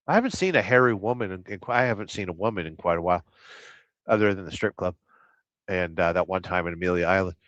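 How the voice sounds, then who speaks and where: A middle-aged truck driver from Southern California rambles crudely through viewer comments on a casual live stream, humming nonsense syllables between them. His voice is fairly low and a bit bright. The recording is dry, with a slightly dull lo-fi sound.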